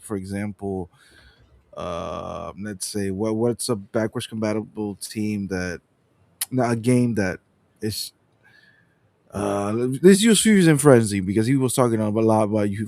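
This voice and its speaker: A man's voice: mid-range voice, darkish tone, no room sound. A man co-hosting a gaming podcast, rambling casually through his opinions with many restarts. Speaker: podcast co-host. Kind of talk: casual livestream chat.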